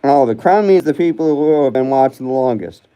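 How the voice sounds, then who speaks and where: Mellow-voiced man rambling on a livestream. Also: medium pitch, animated, fairly quick, smooth, lo-fi sound. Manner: rambling and hesitant, many fillers and restarts; chats with viewers while reading live comments. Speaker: livestream host. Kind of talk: casual livestream chat.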